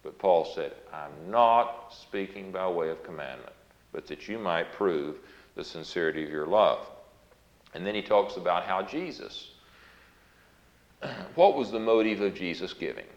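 Deep-voiced preacher in a roomy hall. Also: male voice, expressive, unhurried. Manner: earnest, explanatory, reads scripture aloud with emphasis. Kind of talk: Bible study sermon. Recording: roomy, dull lo-fi recording.

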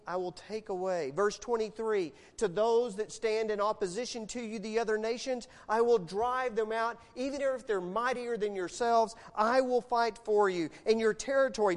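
A middle-aged man preaching a sermon, animated, moving between loud emphasis and quiet asides. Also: high-pitched, normal speed, few pauses. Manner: animated preacher telling a story, shifting loud and soft. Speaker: pastor. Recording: long hall reverb.

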